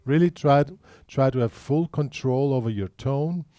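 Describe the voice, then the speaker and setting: A man's voice: mid-range voice, normal speed, dark tone. A man teaching a guitar lesson, explaining patiently step by step and counting beats aloud.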